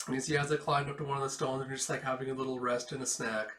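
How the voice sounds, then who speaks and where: A man's voice: mid-range voice, flat delivery, very fast, a bit bright. A man casually retelling a comic book, full of fillers as he describes panels, recorded in an echoey room. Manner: rambling, filler-heavy retelling. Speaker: comic book reader and reviewer. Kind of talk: casual read-through with reactions. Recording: roomy echo.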